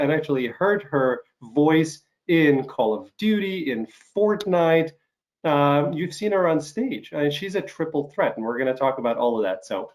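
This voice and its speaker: A man hosting an interview over a video call while getting over covid, talking in loose rambling sentences full of fillers and restarts. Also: fairly high pitch. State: recovering from covid, some coughing. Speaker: podcast host. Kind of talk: casual interview chat.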